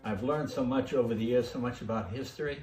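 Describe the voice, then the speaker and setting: Guy cracking deadpan jokes in a birthday video, echoey room, far from the mic. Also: mid-range voice, fast talker, faint music behind. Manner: dry joking, mock-serious tall tales. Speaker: celebrity sending a video greeting. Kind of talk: comic birthday tribute. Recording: roomy, distant mic.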